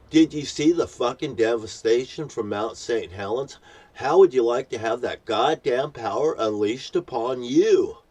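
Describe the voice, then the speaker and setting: Man, husky voice, profane repetitive rant, recorded slightly distant. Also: mid-range voice, a little mellow. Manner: ranting, swears constantly, repeats himself. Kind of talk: angry profane monologue to camera.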